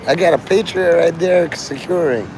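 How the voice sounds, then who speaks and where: A livestreamer on a city street rambles and swears to his chat, free-associating in a gravelly, strained voice that he says is just his normal one. His voice is fairly high and a little mellow, his speed is normal, and there's a little hiss or hum on the recording.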